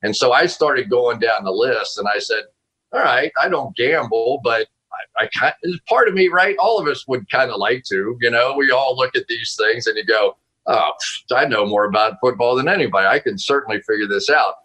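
A man being interviewed as a football analyst over a video call from home, telling a story in a casual, animated way with frequent laughs and restarts. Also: mid-range voice, fairly quick, breathy edge, low-quality recording.

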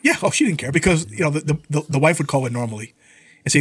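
A man on a podcast, chatting casually and telling profane, animated stories. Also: a little high, quick pace, breathy edge. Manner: animated storyteller, swears freely, acts out quoted voices. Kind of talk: casual chat.

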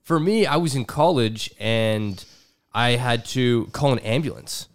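A young man co-hosting a casual podcast. His voice is middle-pitched and ordinary, and he talks in a relaxed, candid way with loose fillers. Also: unhurried. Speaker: podcast co-host.

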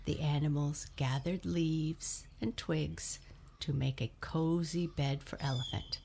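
A woman narrating a children's bedtime story in a soft, half-whispered voice. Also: sits low, measured pace, vocal fry, slight background noise.

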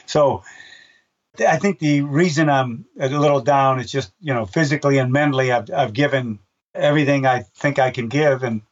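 An older man at a middle pitch tells stories in a loose, rambling way, restarting sentences and slipping into the voices of people in his anecdotes. He sounds set back from the mic, and the recording has a dull, muffled tone. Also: normal speed, distant mic. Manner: rambling, with many restarts and fillers. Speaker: race announcer. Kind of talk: casual interview storytelling.

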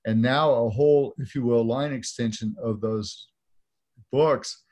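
Halting, enthusiastic male interview host. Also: medium pitch, darkish tone. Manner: halting, restarts phrases, enthusiastic. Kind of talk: interview questions.

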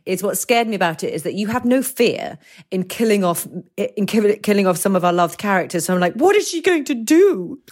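A woman interviewer in a casual chat, enthusiastic and gushing, halting as she speaks. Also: medium pitch.

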